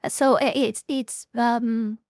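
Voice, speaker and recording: High-voiced woman reacting, halting and dry. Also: fairly even intonation, darkish tone, no echo. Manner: halting, restarts often, laughs at herself. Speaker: reaction streamer. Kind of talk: casual reaction commentary.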